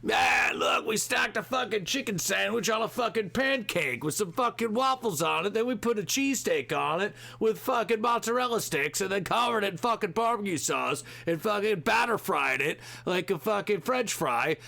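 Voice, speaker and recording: A man mocking a boastful male food-show cook, shouting a profane, over-the-top pitch for a giant stacked sandwich. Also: animated, normal speed, vocal fry, hardly any pauses, heavily acted. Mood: bragging.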